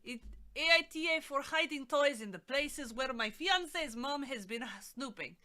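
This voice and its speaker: Une femme qui lit un récit à voix haute avec un faux accent russe approximatif, d'un ton appuyé et théâtral. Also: female voice, high-pitched, lively intonation, measured pace, bright, forceful tone, voice pushed up, full character voice. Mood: mock storytelling. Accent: mock Russian, self-admittedly inaccurate. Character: woman telling her story in a mock Russian accent.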